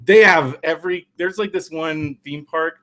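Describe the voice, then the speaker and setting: A man in casual chat, relaxed and asking his co-host questions. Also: on the high side, moderate pace. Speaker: podcast co-host.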